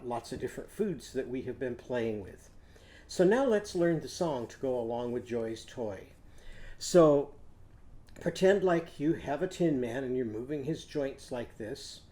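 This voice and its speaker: An older male teacher runs a phonics lesson for children, gentle and patient, prompting the kids to repeat after him. His voice is medium-pitched and animated, delivered at a measured pace.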